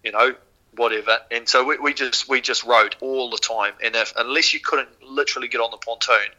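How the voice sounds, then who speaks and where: A man's voice: medium pitch, a little fast, rough recording. A man from New Zealand with a New Zealand accent, a podcast guest telling a story casually and swearing freely. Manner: swears freely, animated retelling. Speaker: podcast guest, former rower.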